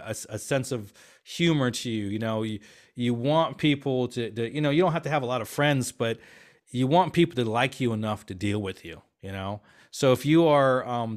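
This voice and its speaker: A man as an interview guest, telling business stories in a chatty, animated way with many fillers and restarts. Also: medium pitch. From half Swiss, half Filipino family. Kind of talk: casual interview talk.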